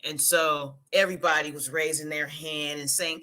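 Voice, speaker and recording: A woman co-hosting a live stream, telling a story in an animated way and laughing as she goes. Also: sits low, normal speed, hardly any pauses. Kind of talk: casual live-stream chat.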